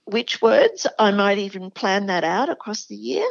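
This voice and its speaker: A woman's voice: mid-range voice, animated, moderate pace, gravelly, no echo, highs cut off. An Australian woman, a literacy educator, explaining classroom spelling enthusiastically in a podcast chat. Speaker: literacy educator, show regular. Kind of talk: conversational podcast interview.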